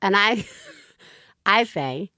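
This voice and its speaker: A woman's voice: very slow, no room sound, studio quality. A woman co-hosting a podcast, telling a parenting story in casual chat, her voice leaping up when she gets exasperated. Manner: animated storytelling, voice jumps high when exasperated. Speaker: podcast co-host.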